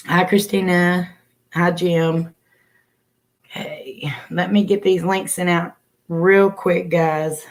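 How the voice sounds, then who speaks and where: A woman's voice: lowish voice, flat delivery, slow. A woman hosting a casual livestream, chatting and greeting viewers by name over a computer mic. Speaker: livestream host.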